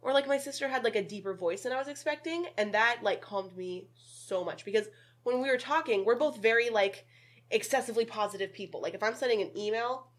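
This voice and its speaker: A young woman in casual conversation, animated, laughing often and swearing freely. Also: a little high, brisk. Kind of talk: casual chat.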